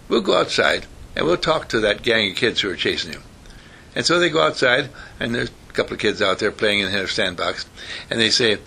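A man's voice: mid-range voice, normal speed, vocal fry, breathy edge. An older man giving a folksy motivational talk, telling stories and acting out the voices of the people in them. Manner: animated storyteller who acts out quoted voices.

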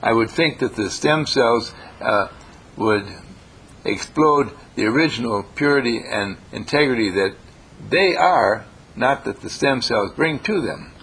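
A man leading a workshop, gently critiquing students' written work with a meandering delivery full of hesitations. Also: medium pitch, lively intonation, unhurried, a little hiss or hum. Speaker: workshop teacher. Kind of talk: classroom feedback on student writing.

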